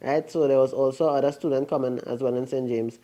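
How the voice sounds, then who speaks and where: A man, talking casually with his wife about their marriage and telling an animated story in loose, informal speech. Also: mid-range voice, fast talker. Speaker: co-host, husband. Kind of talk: casual conversation.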